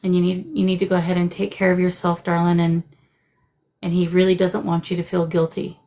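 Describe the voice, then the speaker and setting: A woman hosting a live stream as a psychic medium, speaking gently and soothingly and calling her guests darling. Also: fairly low pitch, little pitch movement, a little fast, low-quality recording. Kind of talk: live-stream spirit reading.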